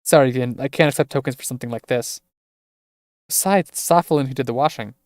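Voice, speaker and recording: A man's voice: medium pitch, fast, darkish tone, no room sound, studio quality, close to an everyday voice. A man voicing an earnest young woman, the heroine of a game he streams, reading her lines with sincere pleading. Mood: polite.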